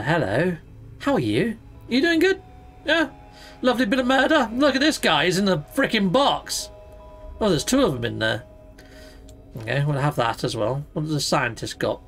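Guy doing let's play chat, playful, says fudge a lot, highish voice, game music faint behind. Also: fairly bright tone. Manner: playful, exclaims, mild mock swearing. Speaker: gaming channel host.

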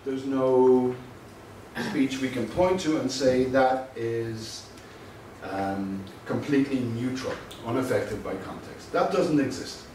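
A male lecturer talks through his material in a measured, explanatory way and drops in a wry remark now and then. His voice sits at an ordinary pitch. He was picked up by a distant mic in a strongly reverberant room with a faint hiss underneath. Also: a little mellow. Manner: measured, explanatory, dry asides. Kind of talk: university lecture. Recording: very echoey room, mic far off.

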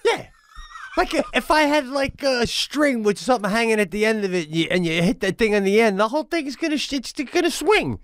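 A man's voice: very high-pitched, big pitch swings, a little fast, fairly bright tone. A man co-hosting a podcast in casual chat, ranting emphatically and incredulously, swearing and laughing. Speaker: podcast co-host.

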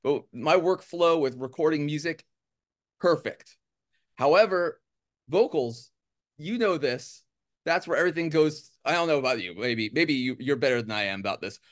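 A man's voice: a little high, moderate pace. A man from the United States, a musician guest, chatting casually in an interview with a rambling, joking, self-deprecating manner.

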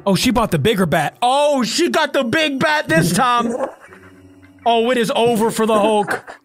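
A gaming reaction host who exclaims excitedly at the action on screen. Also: mid-range voice, measured pace, faint music behind. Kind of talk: reaction video commentary.

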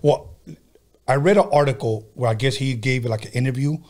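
A man's voice: medium pitch, fairly quick, darkish tone. A man hosting a podcast, telling casual, profane stories in a laid-back way. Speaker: podcast host. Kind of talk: casual storytelling chat.

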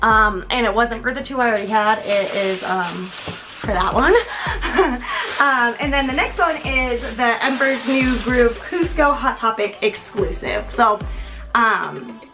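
A young woman talking casually in an unboxing vlog, gushing and giggly, breaking into excited squeals. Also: on the high side, measured pace, music in the background. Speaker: vlogger.

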